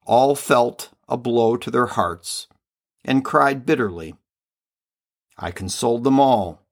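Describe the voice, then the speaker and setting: A man reading the part of a loving heavenly mother and queen, slow, solemn and tender, in a devotional reading. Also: medium pitch.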